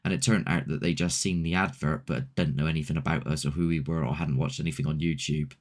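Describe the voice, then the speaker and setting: Man, low deep voice, loose rambling chat host. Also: steady tone, fast. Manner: rambling, laid-back, with mild swearing. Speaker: paranormal investigator and show host. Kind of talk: casual chat.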